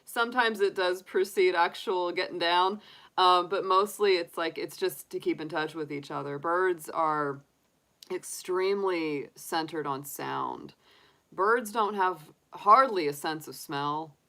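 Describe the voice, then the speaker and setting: A woman's voice: lowish voice, unhurried, a bit bright. A middle-aged woman, giving a chatty, rambling tarot reading with lots of fillers. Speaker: tarot reader. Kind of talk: casual livestream tarot reading.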